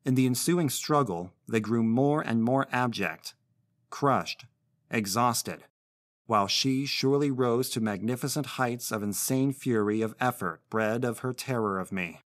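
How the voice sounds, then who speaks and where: A man narrating a literary short story in first person, with a measured, intense reading. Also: mid-range voice, no echo, studio quality.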